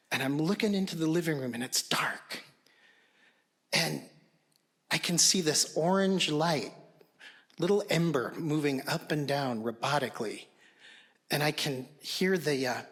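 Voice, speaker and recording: A man telling a personal story on stage, in a slow, hushed and halting way. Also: a little high.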